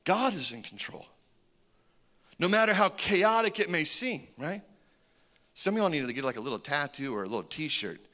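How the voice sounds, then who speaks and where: A man preaching a sermon, animated, with joking asides and swings between loud calls and hushed remarks. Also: on the high side. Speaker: pastor.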